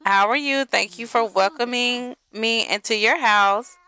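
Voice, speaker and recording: A woman's voice: on the high side, a little slow, pushed and bright. Sassy chatty woman narrating a game. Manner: chatty, sassy, talks to viewers as y'all. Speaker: gaming video host. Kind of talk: casual game commentary.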